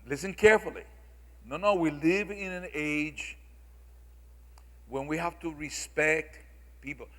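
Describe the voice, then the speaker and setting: A man's voice: a little high, a bit bright. A man speaking at a symposium, lecturing the audience in an emphatic, repetitive, preacherly way. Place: large hall. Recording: long reverb of a large hall.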